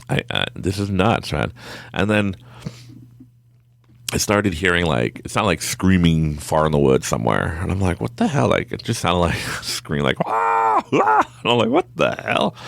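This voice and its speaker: A man telling a story in a casual, animated way, laughing often and acting out his own thoughts in different voices. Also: rumbling low, gravelly, no room sound. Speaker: podcast guest.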